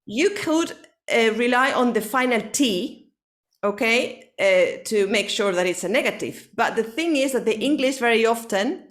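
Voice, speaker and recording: A Spanish-speaking woman gives an online English lesson to one student, explaining slowly and often asking "okay?" Her voice is fairly high and expressive, and she drops into Spanish for brief clarifications.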